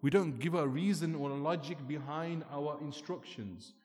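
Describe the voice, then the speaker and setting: A man's voice: fairly high pitch, normal speed, darkish tone. A man preaching an earnest, emphatic sermon, asking rhetorical questions as he lectures. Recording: long hall reverb.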